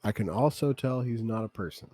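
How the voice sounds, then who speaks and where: Low-voiced man playing a tabletop game. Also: animated, a little fast, dark tone, slight background noise. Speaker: player. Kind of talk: casual play and in-character talk.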